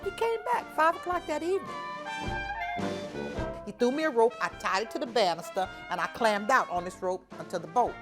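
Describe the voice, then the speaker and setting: A woman, telling her own story in an animated, informal way and acting out the dialogue. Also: fairly high pitch, fairly quick, music in the background. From New Orleans, USA. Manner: animated, acts out the dialogue, informal Southern speech. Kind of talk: personal storytelling.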